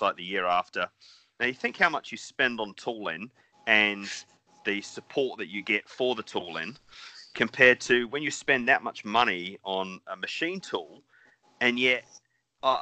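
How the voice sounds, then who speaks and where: A man's voice: on the low side, pushed and bright, dry recording. A middle-aged man with a New Zealand accent, co-hosting a casual podcast, rambling and swearing. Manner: rambling, swears, laughs often. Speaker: podcast co-host.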